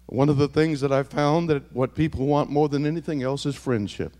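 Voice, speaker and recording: A male pastor preaching a sermon, dropping to near whispers and building to shouted, repeated refrains. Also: fairly high pitch, fairly even intonation, a little fast, big-room sound. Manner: swings from hushed to shouted, repetitive preaching cadence.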